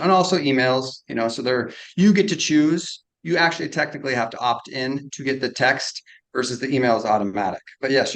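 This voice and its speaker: A man's voice: mid-range voice, poor audio. A man explaining his invention in a casual podcast interview. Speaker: inventor guest.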